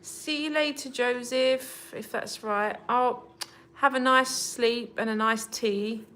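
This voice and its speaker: A woman with a fairly high, steady voice speaks slowly while hosting a casual livestream from home. She chats with her viewers and talks to her cats in a soft baby voice.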